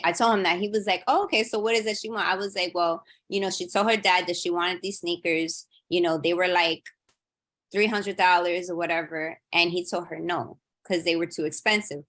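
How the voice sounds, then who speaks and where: Bright-voiced woman telling a family story. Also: fairly low pitch, normal speed. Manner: animated storyteller, acting out quotes. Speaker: audience member sharing a story. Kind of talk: casual chat.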